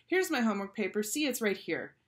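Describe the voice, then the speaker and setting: A woman's voice: mid-range voice, very animated, voice pushed up, close to an everyday voice. A woman voicing a chatty, nervous little first-grade girl in a storybook read-aloud, hesitant and stammering. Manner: hesitant, stammering, talks fast when cornered.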